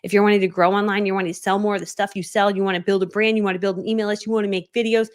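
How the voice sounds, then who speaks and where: A woman's voice: medium pitch, little pitch movement, very fast. Bubbly chatty woman. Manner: bubbly and chatty, laughs often; drops into whispers for asides. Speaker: online business coach. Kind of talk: casual live-stream teaching.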